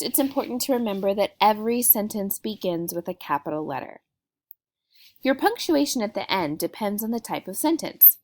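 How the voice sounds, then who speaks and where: Woman teacher, animated pitch, clear explaining tone, kids' grammar lesson.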